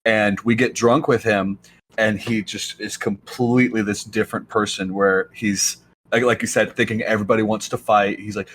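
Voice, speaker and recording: A man's voice: on the low side, level tone, normal speed, fairly bright tone, a little hiss or hum. A young man in casual podcast chat, rambling and hesitant with many restarts. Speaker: podcast co-host.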